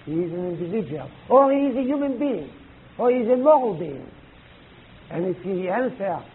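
A man teaching a class, halting and searching for words, with emphatic rising questions to students. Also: high-pitched, very animated, husky. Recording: tinny lo-fi old tape recording with faint hiss.

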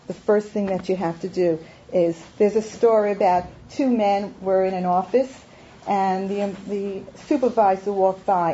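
A woman's voice: mid-range voice, mellow. A woman who gives IQ tests in schools, giving a talk to parents, emphatic and repeating her key points with rhetorical questions. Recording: dull lo-fi recording with faint noise.

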